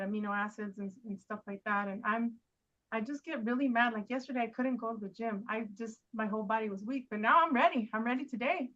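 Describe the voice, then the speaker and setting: Rambling woman host, higher voice. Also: a bit bright, muffled recording. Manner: rambling, talks straight to her guests. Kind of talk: casual chat.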